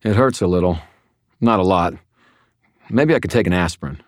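Brief: sardonic, joking wizard guy for an audiobook, somewhat raised from a deep base, read by a male narrator. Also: lively intonation, moderate pace, no room sound, clean studio sound. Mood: wry. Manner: sardonic, joking, a little whiny. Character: wry battered male wizard, wisecracking. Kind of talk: audiobook character voice.

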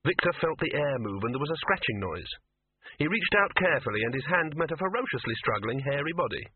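A man narrating a story in a measured, scripted reading. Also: medium pitch, lively intonation, slightly rough, dry recording. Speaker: audiobook narrator. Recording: tinny lo-fi dry audio.

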